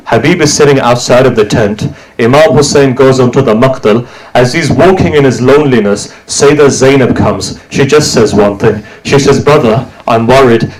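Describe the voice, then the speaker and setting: A man preaching a mourning sermon as a dramatic story, his voice rising into high, tearful cries and dropping to hushed tones. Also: rough recording. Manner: drops to low, hushed tones for quiet moments.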